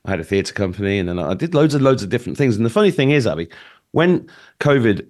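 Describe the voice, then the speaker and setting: A man's voice: on the low side, very animated, fast, a little mellow. A man in his fifties, a guest in a casual interview, telling stories in a rambling way with many fillers and restarts.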